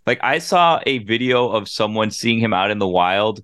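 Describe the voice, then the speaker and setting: A man's voice: lowish voice, expressive, moderate pace, a bit bright, clear, resonant tone, no echo, studio quality. A man co-hosting a podcast, chatting casually and rambling with many fillers. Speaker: podcast co-host. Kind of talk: casual chat.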